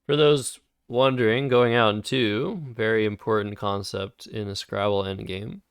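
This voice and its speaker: A man's voice: on the low side, fairly even intonation, a little slow, clean tone, no echo, studio quality. A man casually thinking aloud while playing word games on a live stream. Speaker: streamer and Scrabble player.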